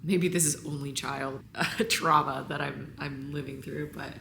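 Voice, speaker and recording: A low-pitched woman speaks to camera in a roomy, echoing space with steady background noise. She is tearful and halting, her voice sometimes sinking to a whisper. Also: creaky. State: crying. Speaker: vlogger. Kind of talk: emotional on-camera talk.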